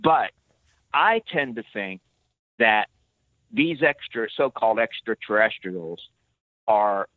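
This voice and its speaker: A man calling into a talk show, sharing his views in a halting way with many fillers. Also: fairly low pitch, lively intonation, no room sound. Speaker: caller. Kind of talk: casual phone-in chat. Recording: tinny phone line.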